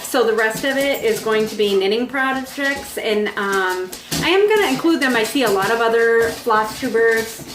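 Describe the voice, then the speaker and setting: A woman chatting casually in a home vlog, rambling with lots of ums and restarts as she shows her stitching projects. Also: echoey room. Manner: pitches up sharply when calling her dogs. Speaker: cross-stitch vlogger. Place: at home, dogs nearby.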